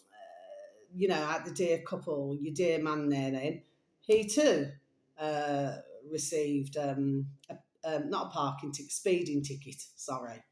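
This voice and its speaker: A woman's voice: deep voice, reverberant. A woman chatting in a rambling, casual monologue, calling her listeners her little babies. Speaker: vlogger.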